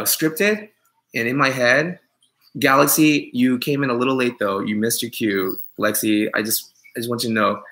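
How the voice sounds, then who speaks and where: A young man chats on a live stream, reading out comments and answering them with rambling, sarcastic jokes. His voice is bright and forward, with a gravelly edge. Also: lowish voice, rough recording. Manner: joking, sarcastic, rambling, with mock-offended asides. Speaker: groomer hosting a live stream.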